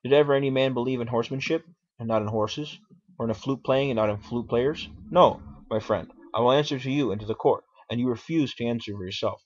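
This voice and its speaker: In a dramatic reading on a dull lo-fi recording, a man voices an aged philosopher defending himself in court. He talks fast at a medium pitch in a natural voice, defiant as he argues and questions.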